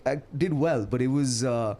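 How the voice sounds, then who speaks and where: A man with an Indian accent, a comedian chatting as a podcast guest, animated and quick to laugh. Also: medium pitch, faint music behind. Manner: animated storyteller, laughs often, many restarts. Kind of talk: casual podcast chat.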